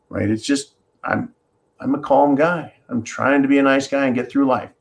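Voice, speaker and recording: Brief: male podcast host, middle-pitched voice, casual monologue, swears freely, blunt storyteller. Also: steady tone, normal speed, creaky. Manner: blunt, profane, riled-up storytelling.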